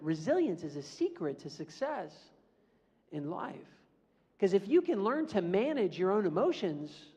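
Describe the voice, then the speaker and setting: A man giving a playful motivational talk to a room full of students and calling for the audience to answer back. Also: high voice. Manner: playful, animated, calls for audience responses. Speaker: motivational speaker. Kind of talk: school assembly talk.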